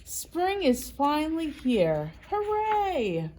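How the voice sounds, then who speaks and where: A woman voicing a cheerful tiny mouse in a storybook reading, squeaky and bubbly. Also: big pitch swings, normal speed, a little mellow, husky. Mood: excited.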